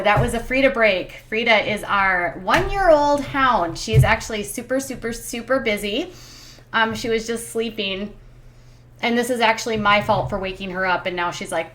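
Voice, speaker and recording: A woman's voice: fairly high pitch, unhurried, pauses often, sharp tone. A woman hosting a livestream, chatting casually through celebrity gossip in a giddy way, with many fillers and asides.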